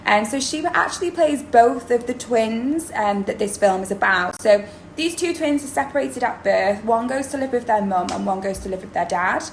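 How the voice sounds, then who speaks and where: A woman's voice: a little high, expressive, normal speed. A woman drama teacher, explaining in a chatty video lesson with many ums. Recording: roomy echo, faint background noise.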